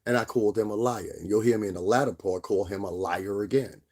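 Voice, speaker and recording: A man from Connecticut telling a long, profane story as a lecture to his viewers, sometimes mimicking others in a high voice. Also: quick pace, a little mellow, breathy edge. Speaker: vlogger. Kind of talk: angry storytelling rant.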